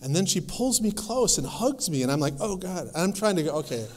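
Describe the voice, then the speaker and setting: Lively male lecturer in a reverberant hall. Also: sits high, fairly quick. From North Dakota. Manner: lively storytelling, acting out quoted voices. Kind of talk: conference lecture with anecdotes.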